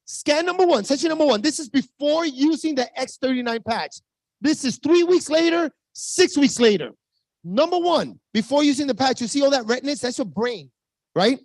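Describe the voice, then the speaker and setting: A man in his fifties with a Spanish-accented English, giving an energetic sales pitch to a team on a video call, hyped and full of asides to the audience. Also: normal speed, no room sound. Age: 50s. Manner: hyped, talks straight to the audience, many asides. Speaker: network marketing presenter.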